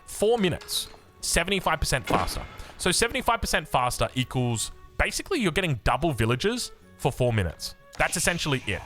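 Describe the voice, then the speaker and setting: An Australian game caster with a medium-pitched voice commentates a strategy game match. He's excitable and chatty, joking and wandering off on tangents as he goes.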